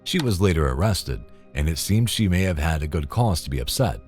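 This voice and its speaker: A man's voice: sits low, animated, a little fast. A man narrating scripted commentary in a dry, disapproving manner. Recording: voice-over with faint music.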